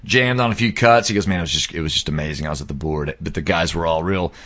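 A man casually telling an animated anecdote, acting out the people in it and singing sound effects. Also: sits low, fast, highs cut off. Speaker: storyteller.

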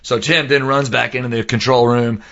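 A man casually telling an animated anecdote, acting out the people in it and singing sound effects. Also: mid-range voice, moderate pace, highs cut off. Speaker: storyteller.

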